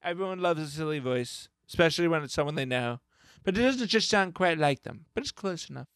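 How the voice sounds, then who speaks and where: Guy on a podcast reading his list, high bright voice, dry close sound. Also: expressive, a little fast, clear, resonant tone, no room sound. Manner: joking, reads out a list. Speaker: podcast host. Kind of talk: casual podcast banter.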